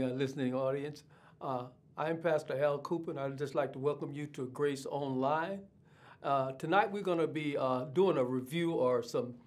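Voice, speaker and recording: An older man, a pastor, giving an online sermon with prayer and scripture reading, unhurried and with many fillers. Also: medium pitch. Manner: unhurried, many uh fillers, repeats words while thinking.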